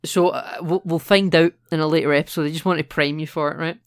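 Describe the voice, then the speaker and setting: A man's voice: a little high, fairly even intonation, quick pace, clean tone, no echo, studio quality. A man co-hosting a podcast, chatting casually about films, explaining and laughing easily. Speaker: podcast co-host. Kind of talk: casual film chat.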